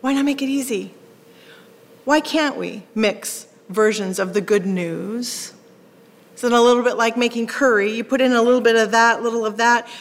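A woman pastor preaching a sermon, animated, acting out quoted lines with sharp rising questions. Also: a little high, moderate pace. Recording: long hall reverb.

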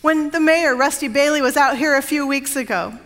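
A woman's voice: high-pitched, a little fast, a bit bright. A woman pastor delivering a sermon in a conversational, storytelling way, slipping into quoted voices and speaking directly to the congregation. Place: church sanctuary. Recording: long reverb of a large sanctuary.

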